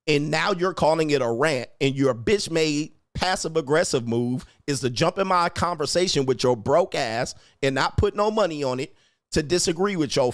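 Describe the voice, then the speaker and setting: A brash man on a livestream, taunting his commenters with profane insults and laughing at them. His voice sits a little high for a man. The sound is dry and close, with no room echo. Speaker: livestream host reading chat.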